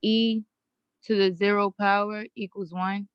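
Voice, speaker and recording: A woman's voice: medium pitch, flat delivery, a little slow, clean tone, no room sound. A woman student explaining a math solution step by step in an online lesson. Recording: dry, dull lo-fi audio.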